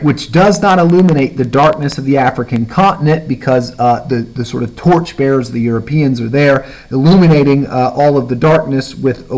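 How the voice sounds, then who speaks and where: A man's voice: medium pitch, darkish tone, rough recording. Man lecturing with constant "all right?" check-ins. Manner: frequent fillers and "all right?" check-ins, reads passages aloud slowly. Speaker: high school English teacher. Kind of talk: recorded literature lecture.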